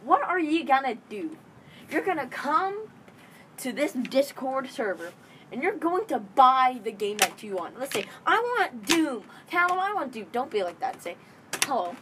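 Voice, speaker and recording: A woman's voice: high-pitched, big pitch swings, measured pace, a bit bright, slight background noise. A teenage girl rambling bossily in a casual monologue, often correcting herself. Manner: bossy, rambling, self-correcting. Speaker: young vlogger pitching a game club.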